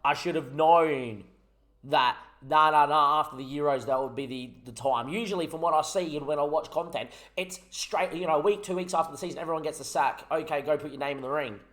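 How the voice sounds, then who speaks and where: A man's voice: fairly high pitch, fairly quick, fairly bright tone. A young man giving frustrated, rambling commentary over his own gameplay, swearing often. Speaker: gaming YouTuber.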